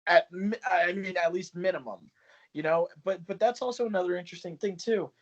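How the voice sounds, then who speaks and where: A small press publisher and poet talks a little fast in a high voice, chatting loosely on a video call, swearing and laughing often. The call audio is dull and lo-fi.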